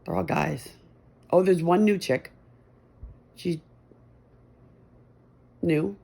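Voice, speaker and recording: Gravelly-voiced middle-aged woman rambling. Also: lowish voice, drawn-out words, mellow. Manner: chatty, meandering, self-deprecating. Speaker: vlogger. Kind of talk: rambling casual chat. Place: messy bedroom at home.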